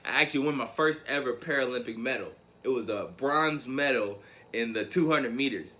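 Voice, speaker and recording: A man's voice: medium pitch, normal speed, bright, forceful tone. A man in his thirties giving a motivational keynote, telling a story with emphatic repeats. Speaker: motivational speaker.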